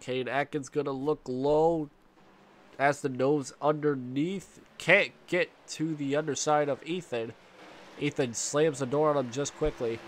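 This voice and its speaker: A stuffy, slightly high-pitched young man commentates a sim race, stringing calls together with fillers and restarts. Faint racing engine noise hums beneath his voice. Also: unhurried. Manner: rambling with fillers and restarts, excited bursts at contact. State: stuffy, congested.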